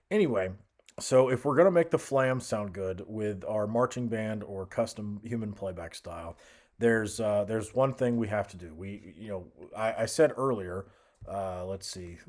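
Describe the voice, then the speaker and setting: A young man casually talking through a music software tutorial, thinking aloud with fillers and restarts. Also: lowish voice. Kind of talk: screen-recorded software tutorial.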